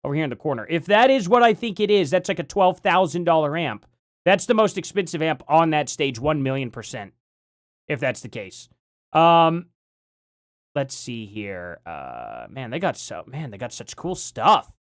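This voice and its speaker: A man's voice: fairly high pitch, sing-song, normal speed, no room sound. A man chats his way through a live stream, rambling from thought to thought and laughing often. His voice swings up and down freely as he talks. The sound is dry and close, with no room around it. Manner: rambling, chatty, laughs often, reads chat aloud. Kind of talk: casual live stream chat.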